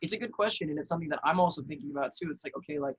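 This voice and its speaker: Husky-voiced young man, relaxed guest. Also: on the high side, very fast, no echo, rough recording. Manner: relaxed, thoughtful, swears casually. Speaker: podcast guest, actor and content creator. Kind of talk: casual conversation.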